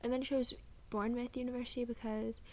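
A young woman in her late teens, from the United States, co-hosting a casual podcast chat. She rambles and often drops into quick whispered asides. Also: fairly high pitch, level tone, darkish tone. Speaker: podcast co-host.

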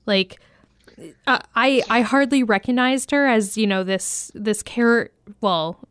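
Canadian east coast woman rambling thru a movie recap, smooth clear voice, dry sound. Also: fairly high pitch, slow pace, fairly bright tone, no room sound. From Eastern Canada. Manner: rambling and self-teasing, many fillers. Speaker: podcast co-host. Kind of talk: casual chat.

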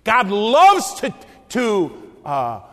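High-voiced impassioned preacher in a reverberant hall. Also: male voice, wildly swooping pitch, drawn-out words. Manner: impassioned, rising to near shouts then dropping low. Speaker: pastor. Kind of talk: sermon.

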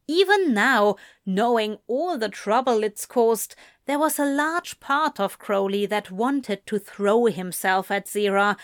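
A woman narrating a story in a measured, even reading voice. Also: on the high side, no echo, studio quality. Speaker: audiobook reader. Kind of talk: scripted narration of fan fiction.

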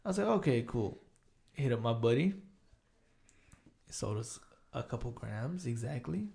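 Young male storyteller, casual, swears freely, gravelly voice. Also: mid-range voice, lively intonation, moderate pace, warm tone. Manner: profane, laughing storyteller. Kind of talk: casual chat.

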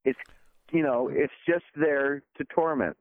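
A man's voice: fairly high pitch, unhurried, no room sound. A man talking casually as a podcast guest about his special effects work, rambling with many fillers. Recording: tinny phone-like line, dry.

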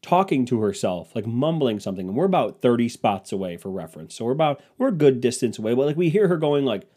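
A man's voice: medium pitch, big pitch swings, fast talker, few pauses, mellow. A young man hosting a solo podcast, telling comedic stories in a rambling, crude, self-mocking way. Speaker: podcast host.

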